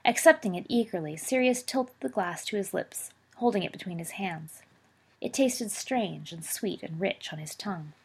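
A woman reading a story aloud as a narrator, in a steady, expressive way. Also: mid-range voice, normal speed, gravelly, slightly rough. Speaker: audiobook reader.

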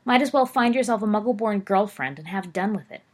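A woman's voice: medium pitch, expressive, brisk, close to an everyday voice. A woman voicing a sneering, arrogant young schoolboy bully in a storybook reading, mocking and taunting.

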